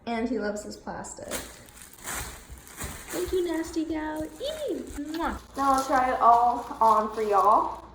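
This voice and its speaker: A bubbly young woman with a fairly high voice talks through an unboxing at an easy, unhurried pace. She chats casually and playfully, now and then turning to tease her cat. The recording sounds roomy and echoey, with a faint hiss underneath. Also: fairly bright tone. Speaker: fashion vlogger.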